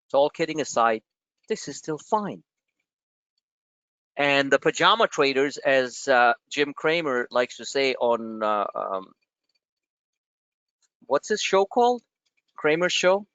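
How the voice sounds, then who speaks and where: A man's voice: medium pitch, unhurried, pauses often, smooth, dry recording, lo-fi sound. A man coaching traders over a group video call, brash and blunt, his voice jumping up on emphatic points. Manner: brash, animated and blunt, with rising emphatic peaks. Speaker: trading coach. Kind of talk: live market commentary to a group call.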